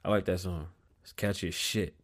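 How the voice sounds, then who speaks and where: A man hosting his own podcast from a small studio, talking casually, swearing often and getting loud and animated when he tells a story. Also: low-pitched, brisk. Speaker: podcast host. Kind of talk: casual solo podcast talk.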